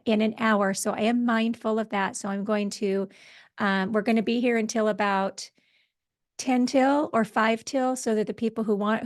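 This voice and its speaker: A woman's voice: on the high side, a little mellow. Gushing, effusive woman on a video call. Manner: effusive and gushing, with chanted spiritual phrases. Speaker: host of an online healing circle. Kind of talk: casual welcoming talk.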